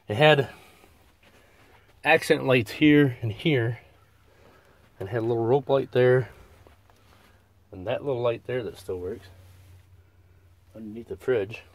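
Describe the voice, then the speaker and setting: A man's voice: mid-range voice, moderate pace, long pauses. A middle-aged American man, out of breath, gives a casual, plainspoken tour of his camper van and chuckles often. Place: inside a small camper van.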